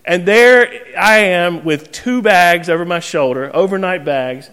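A man in his thirties preaching in a church, his voice a touch higher than most men's. He tells the story with animation and gentle self-mockery, acting out scenes as he goes. His voice rings with the long reverb of a large hall. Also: unhurried, smooth. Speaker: pastor. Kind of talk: storytelling sermon.

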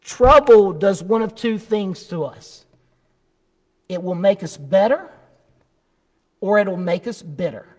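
A man preaching a sermon and telling a story, slow, deliberate and emphatic, in a church. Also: high voice, animated, big-room sound.

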